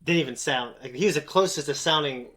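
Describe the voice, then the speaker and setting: A man's voice: on the high side, quick pace, fairly bright tone. A young man co-hosting a reaction show, chatting casually and rambling with lots of fillers and restarts. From grew up around rural American South. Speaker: co-host of a reaction channel. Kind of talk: casual chat.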